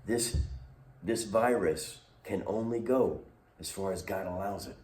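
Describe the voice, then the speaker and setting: Man, youth pastor, animated delivery, echoey room, mic set back. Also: on the low side, measured pace, far from the mic. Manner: animated, acts out quoted voices. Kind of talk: recorded youth lesson.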